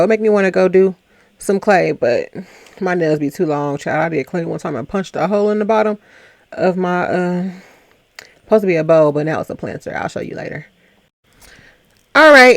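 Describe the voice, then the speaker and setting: A woman's voice: fairly low pitch, creaky, dry recording. A woman hosting a casual, sassy recap of a dating show, chatting to her viewers. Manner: chatty, sassy, quotes people in little voices. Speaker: reaction show host.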